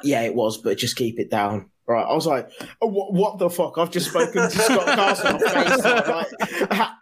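A man's voice: high-pitched, lively intonation, a little fast, a bit bright, husky. An English man telling a funny story in casual chat, laughing and swearing as he quotes people. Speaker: podcast host telling a story. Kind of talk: casual anecdote.

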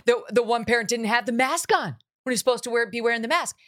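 A woman's voice: a little high, quick pace, a bit bright. A woman hosting a political talk show, talking with sarcasm and mocking asides. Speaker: host.

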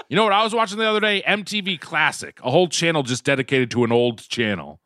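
A man's voice: a little high, sharp tone, dry recording, studio quality. An American man co-hosting a podcast, ranting with swearing and mock outrage in casual chat. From United States. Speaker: podcast co-host.

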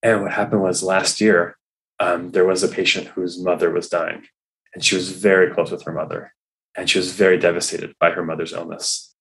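A man working as a hospital rabbi, guest on an interview, telling stories in an animated way, acting out the people in them and often saying "like" and "you know". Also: low voice, normal speed, vocal fry, poor audio. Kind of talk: storytelling in a conversational interview.

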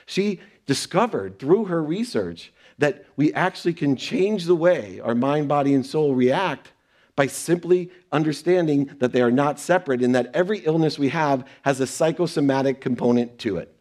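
A man's voice: fairly high pitch, animated, normal speed, hardly any pauses, darkish tone. Earnest man telling a personal story. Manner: earnest, acts out quoted exchanges. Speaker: speaker sharing personal lessons. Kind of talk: motivational storytelling talk.

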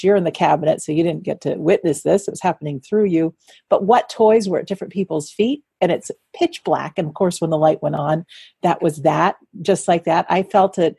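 Female podcast host, husky and mellow, dry recording. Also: lowish voice, no echo. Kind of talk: casual conversation.

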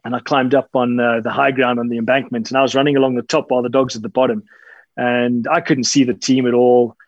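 A man, telling stories casually in an interview, relaxed and rambling with many fillers and restarts. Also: medium pitch, fast talker, no room sound. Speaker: interview guest, dog handler and tracker. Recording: slightly dull lo-fi sound.

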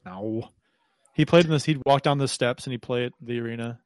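A man's voice: mid-range voice, a little fast, gravelly, no echo. A man co-hosting a casual podcast, teasing his co-hosts with plenty of restarts. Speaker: podcast co-host. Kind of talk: casual chat.

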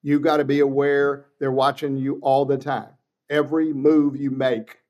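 A man's voice: mid-range voice, moderate pace, muffled recording. A man in his sixties, a trial lawyer guest, telling courtroom stories bluntly and acting out quotes. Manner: animated, blunt, salty, acts out courtroom quotes. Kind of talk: casual interview storytelling.

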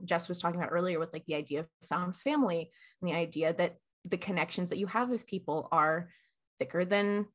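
A woman co-hosting a podcast in casual chat, animated and acting out quoted lines. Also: mid-range voice.

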